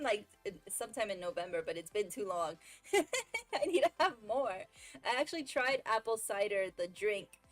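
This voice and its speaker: A young woman streamer chatting casually, telling a story with lots of laughs and fillers. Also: medium pitch. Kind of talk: casual chat while gaming.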